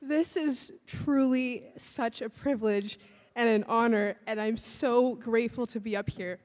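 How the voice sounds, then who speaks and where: A young woman giving an emotional, halting acceptance speech as a newly elected student president, grateful and at a loss for words. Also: a little high, steady tone, a little mellow. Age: young adult. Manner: halting, grateful, restarts often. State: emotional, tearful. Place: large hall. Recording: long reverb in a large hall.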